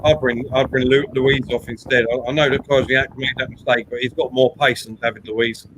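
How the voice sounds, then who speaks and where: A man hosting a live football watchalong, calling the play and getting loud at big chances. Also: mid-range voice, brisk, a little hiss or hum. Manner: excitable, shouts at big chances. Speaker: watchalong host.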